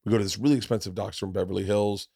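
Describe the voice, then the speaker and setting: A man hosting a podcast, telling a long story in casual, animated chat with lots of swearing and restarts. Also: lowish voice, very fast, vocal fry, dry recording, studio quality. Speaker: podcast host, comedian.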